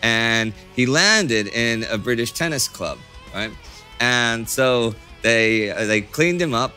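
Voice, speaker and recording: A male history host with a bright, clear voice tells stories casually and chuckles now and then. His tone is relaxed and conversational. Faint music plays underneath. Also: mid-range voice, slow. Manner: storytelling, chuckling, laid-back. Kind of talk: casual anecdotal chat.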